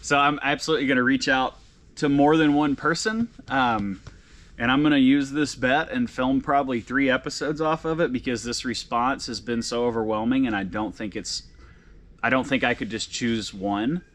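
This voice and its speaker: A man in his thirties hosting a casual vlog, reading fan messages aloud, halting and emotional with frequent restarts. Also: medium pitch, a bit bright. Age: 30s. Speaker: vlog host and tattoo artist.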